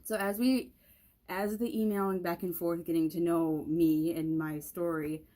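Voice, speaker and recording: A woman's voice: on the low side, steady tone, a little slow, dark tone. A young woman telling a casual storytime vlog, rambling with lots of "like" and restarts. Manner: rambling, many "like" fillers and restarts. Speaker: vlogger.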